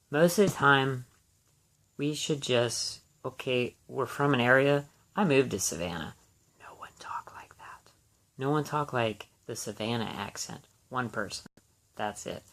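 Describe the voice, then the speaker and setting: A man's voice: mid-range voice, creaky, fairly bright tone. A man hosting a casual solo movie podcast, talking in a rambling, hesitant way with many fillers and restarts. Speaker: podcast host.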